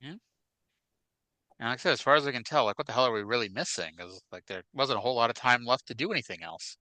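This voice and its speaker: A man in his forties chats and tells stories on a podcast, with a bright, clean, well-defined voice. The sound is close and dry, with no room around it. He wanders through his tales and keeps adding "like" and "you know.". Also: medium pitch, quick pace, no echo, poor audio. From northern USA. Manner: rambling storyteller, many fillers like "like" and "you know". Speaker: podcast co-host. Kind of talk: casual chat.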